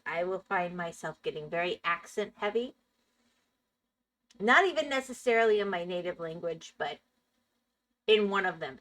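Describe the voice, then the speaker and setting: Her voice lowish but fairly bright, this woman streams Minecraft live, gaming while casually chatting with viewers and laughing a lot.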